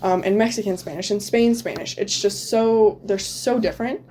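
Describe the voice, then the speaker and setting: A woman's voice: medium pitch, steady tone, moderate pace, dark tone. A teenage girl talking casually as an interview guest about her exchange year, full of "um" and "like" fillers. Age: teens. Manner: chatty, many "um" and "like" fillers, laughs often. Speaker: guest, returned exchange student.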